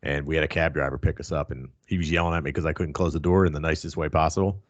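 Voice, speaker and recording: Deep-voiced profane podcast host. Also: male voice, fairly even intonation, rapid-fire, no echo, highs cut off. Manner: profane, laughing, storytelling. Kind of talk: casual wrestling podcast chat.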